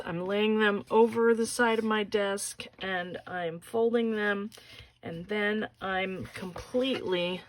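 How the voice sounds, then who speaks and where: A woman's voice: mid-range voice, a little hiss or hum. A woman hosting a casual crafting tutorial, walking through each step in a chatty way and often checking in with "okay?".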